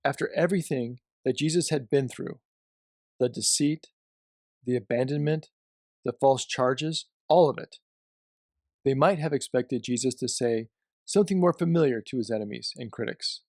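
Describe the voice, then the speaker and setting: A man giving a devotional teaching, reading scripture and explaining it in a measured way with emphasis on key phrases. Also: mid-range voice, a little mellow, no room sound, clean studio sound. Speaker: Bible teacher.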